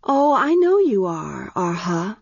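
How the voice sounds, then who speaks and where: A haughty, fierce young priestess girl from a storybook, read out by a woman. She speaks with scorn, slowly and deliberately, pitched a little above the reader's own voice. The recording is dull and dry. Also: big pitch swings, creaky, no room sound, heavily acted.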